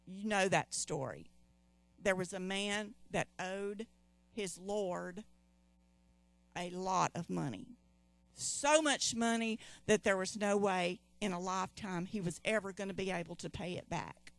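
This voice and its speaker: Slow, dry-voiced woman preaching a sermon. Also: medium pitch, creaky, no room sound. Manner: emphatic, repeats key phrases, calls for audience response.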